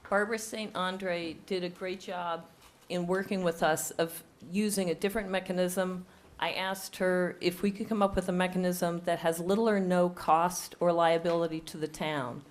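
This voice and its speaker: This is a formal public-hearing presentation: a woman, hoarse and nearly voiceless from a cold, explains a proposed bylaw point by point in a town meeting room. Leaning close into a table microphone, she speaks at a normal pace in a lowish, flat voice.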